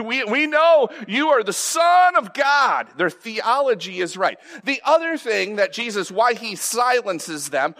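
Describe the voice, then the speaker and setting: Speaking off the cuff, this male pastor gives a sermon that feels like conversation. His voice is fairly high for a man, and after frequent restarts and repeated words he rises into stronger, louder emphasis.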